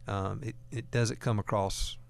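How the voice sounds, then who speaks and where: A man's voice: fairly low pitch, steady tone, measured pace, gravelly. A man hosting a talk radio show, speaking in a folksy, earnest way and often repeating words as he goes. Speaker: radio host.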